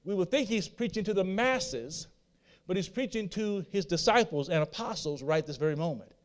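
A man's voice: high voice, animated, moderate pace. A man preaching a sermon, repeating his points and putting rhetorical questions to his listeners. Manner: repetitive, asks the audience rhetorical questions.

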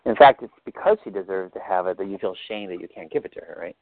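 A man with a low, gravelly voice leads a coaching session, asking patient, probing questions. The sound is dry and tinny, like a call line. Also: fast talker, no echo. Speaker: life coach leading a session.

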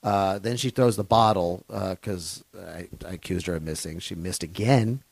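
A man's voice: low voice, moderate pace, gravelly, slightly rough, no echo. A man, a touring comedian, telling rambling, profane stage stories in a casual interview in a hotel room, full of fillers and restarts.

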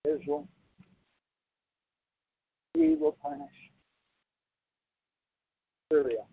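A man preaching a sermon slowly and deliberately, with sudden high emphatic jumps in his voice. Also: wildly swooping pitch, gravelly, no room sound. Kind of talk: sermon with sign language interpretation. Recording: tinny phone-like broadcast line.

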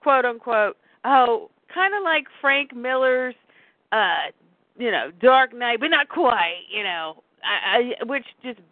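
Woman rambling on a podcast, higher voice, dry tinny phone sound. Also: expressive, takes it slowly, no echo. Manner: rambling, self-interrupting, acts out quotes. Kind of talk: casual chat.

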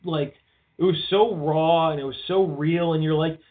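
A man's voice: fairly high pitch, steady tone, normal speed. A man co-hosting a podcast in casual, rambling chat, swearing freely and leaning on "like" a lot. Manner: rambling, swears often, leans on "like". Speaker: podcast co-host. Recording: tinny phone-like line.

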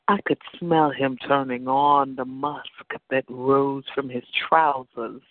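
A man narrating an erotic story in a slow, sensual reading. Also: mid-range voice, steady tone, no echo. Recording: dry phone-like sound.

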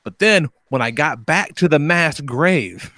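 A man's voice: a little high, lively intonation, unhurried, pushed and bright, dry recording, studio quality. A young man hosting a podcast, telling a game story in casual chat, swearing and acting out quotes. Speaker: podcast host.

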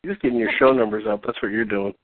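A man's voice: lowish voice, fairly even intonation, racing, dry recording. Male host, casual storyteller, rambling, quotes others in their own voices; tinny phone-like audio, dry. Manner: rambling, acts out both sides of conversations. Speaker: podcast host and artist.

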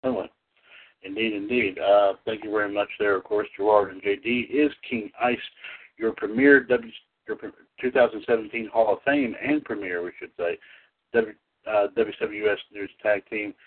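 A man's voice: on the low side, moderate pace. A man from the North Carolina area hosting a radio show in a folksy, chatty manner, reading wrestling history. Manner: folksy, chatty, coughs and clears throat, lively. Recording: tinny phone-line audio.

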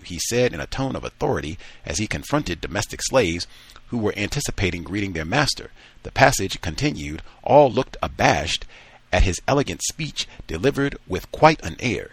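A man hosting a call-in talk show, reading a passage aloud and then chatting in relaxed asides. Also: low voice, husky, no echo. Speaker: radio talk show host.

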